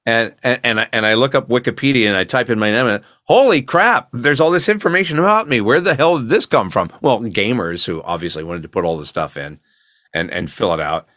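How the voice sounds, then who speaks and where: A man's voice: medium pitch, animated, fairly quick, a bit bright, dry recording, clean studio sound. A laid-back man, a voice actor, telling long rambling stories in a casual interview over a video call. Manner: laid-back rambling storyteller, acts out quoted lines. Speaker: voice actor guest. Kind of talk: casual storytelling chat.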